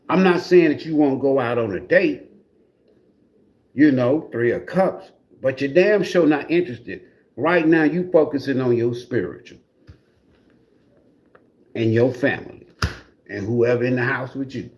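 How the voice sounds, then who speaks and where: A man's voice: mid-range voice, expressive, normal speed, a little mellow. A man giving a casual livestream tarot reading in a blunt, profane, mocking way. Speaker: tarot reader.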